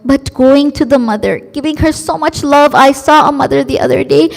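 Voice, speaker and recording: A woman preacher giving an emotive religious sermon, expressive and acting out quoted voices. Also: high-pitched, moderate pace, vocal fry. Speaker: female preacher. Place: large community centre hall. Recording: long hall reverb.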